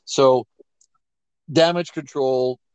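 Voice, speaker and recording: A man, co-hosting a casual political talk show and making his points emphatically with deliberate pauses. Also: mid-range voice, steady tone, darkish tone, clean tone, no echo, rough recording. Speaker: co-host.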